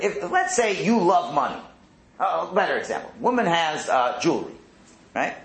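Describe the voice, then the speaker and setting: A man teaches a Torah class with a lively, animated delivery and keeps throwing rhetorical questions at his listeners. His voice sits a little high and bounces through a wide range. The room adds a noticeable echo. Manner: animated, asks rhetorical questions, acts out quotes. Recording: roomy echo.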